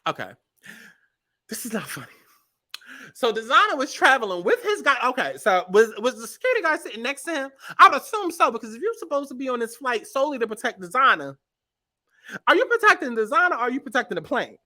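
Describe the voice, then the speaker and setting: Young woman host, comedic commentary, lively swooping delivery, profane and exasperated. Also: high voice, fast talker. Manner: animated, profane, exasperated riffing.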